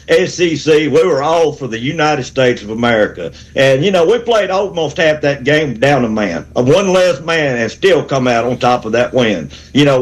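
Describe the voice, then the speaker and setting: A man, from Alabama, calling in to a sports radio show with a rambling, fired-up pep talk. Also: on the high side. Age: 60s. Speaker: caller.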